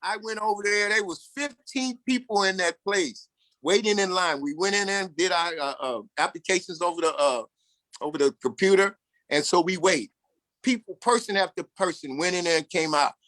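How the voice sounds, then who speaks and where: Earnest older man, somewhat high voice. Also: moderate pace, a bit bright, no room sound. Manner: earnest and candid, acts out other people's lines in the story. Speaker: formerly incarcerated speaker. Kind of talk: personal storytelling talk.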